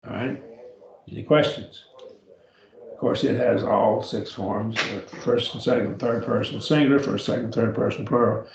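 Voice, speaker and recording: A man teaching a beginning Greek grammar class, patient and slow, sounding words out syllable by syllable for his students. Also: on the low side, fairly even intonation, echoey room, lo-fi sound. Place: church classroom.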